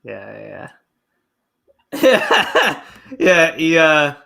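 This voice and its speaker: A man's voice: a little high, wildly swooping pitch, very slow, gravelly, bright, forceful tone. A man hosting a podcast, chatting casually over a video call and laughing often. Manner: laughs often, banters loosely. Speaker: podcast host.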